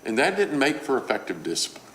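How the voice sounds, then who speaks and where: A man's voice: mid-range voice, big pitch swings, fast talker, a bit bright, echoey room, a little hiss or hum. A male preacher giving a conversational sermon, teaching through everyday stories. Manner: conversational, illustrative storytelling. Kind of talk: sermon on parenting.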